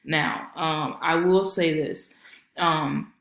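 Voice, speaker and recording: A woman's voice: deep voice, fairly even intonation, very slow, gravelly, a bit bright, echoey room. A woman consultant giving a casual screen-share walkthrough of a website, chatty and friendly with lots of filler ums. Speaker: marketing consultant.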